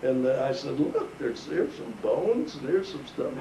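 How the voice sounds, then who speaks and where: With a dark, mid-range voice that's animated yet measured, an older man tells his listening family a folksy, chuckle-filled story from his own experience. The living-room recording is roomy, the mic distant, and a faint hiss runs underneath.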